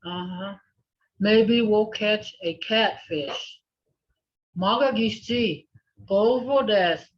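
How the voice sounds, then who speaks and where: A woman's voice: mid-range voice, drawn-out words, long pauses. A woman teaching a language class over a video call, patiently repeating words for her students to echo. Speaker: language instructor. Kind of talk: online language lesson. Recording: dull lo-fi video call audio.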